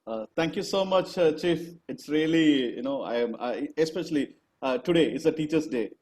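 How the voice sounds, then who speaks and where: Earnest Indian man, high voice, echoey call. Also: darkish tone. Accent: Indian English. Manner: earnest, halting with fillers, rousing. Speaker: speaker on a launch call. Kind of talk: motivational testimonial. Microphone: video call. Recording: echoey, dull video call audio.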